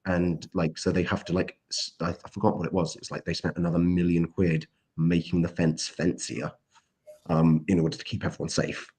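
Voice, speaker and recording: A man with a very low voice, chatting on a podcast. He tells his story hesitantly, stopping often for ums and restarts. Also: little pitch movement, moderate pace, darkish tone, breathy edge. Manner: rambling, hesitant with many ums. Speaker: podcast co-host. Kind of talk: casual chat.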